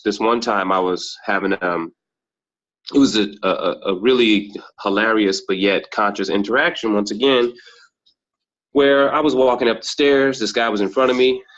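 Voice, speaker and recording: A man's voice: on the low side, fairly bright tone. A man appearing as a podcast guest, telling thoughtful personal stories and acting out the dialogue in them. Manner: thoughtful, acts out quoted dialogue. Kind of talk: reflective personal storytelling. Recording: dull lo-fi sound.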